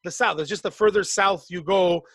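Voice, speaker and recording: A man from Canada telling stories on a podcast in a casual, profane, animated way, acting out the people he quotes. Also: high voice, brisk, dry recording. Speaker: podcast co-host. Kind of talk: casual storytelling chat.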